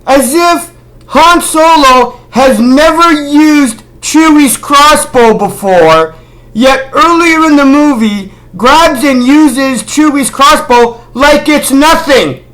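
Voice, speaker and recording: A slow, high-pitched, fairly bright voice carries a film critic vlogger's casual rant. Exasperated and sarcastic, the speaker keeps asking rhetorical questions, repeatedly expresses disbelief, and addresses the director directly with scolding.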